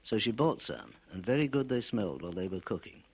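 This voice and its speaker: A man reading his own short stories aloud in a wry, measured storytelling manner on an old spoken-word record. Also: fairly low pitch, big pitch swings, gravelly, breathy edge, poor audio.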